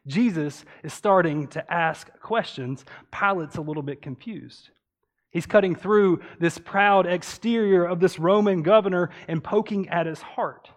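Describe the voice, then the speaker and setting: High-voiced man preaching a sermon. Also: unhurried. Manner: earnest, builds with rhetorical questions. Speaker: pastor.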